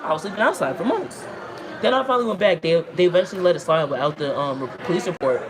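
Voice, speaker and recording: A woman telling long, rambling, profane stories to her livestream chat, talking in an animated way. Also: lowish voice, fast talker, crowd noise. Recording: noisy background.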